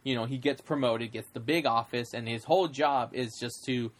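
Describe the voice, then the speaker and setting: A man in casual movie chat, rambling with many fillers and acting out scenes in quick put-on voices. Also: medium pitch, fairly even intonation.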